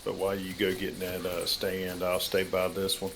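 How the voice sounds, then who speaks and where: A man's voice: sits low, monotone, normal speed, a little hiss or hum, poor audio. A man hosting a hunting game stream, chatting casually and teasing his guest. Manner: joking, teasing, laid-back. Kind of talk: casual gameplay chat.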